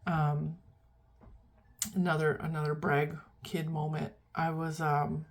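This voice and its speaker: A woman's voice: low voice, completely flat delivery, slow. A middle-aged woman vlogging in a rambling, chatty, self-deprecating way, tired and yawning as she talks. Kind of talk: casual chat.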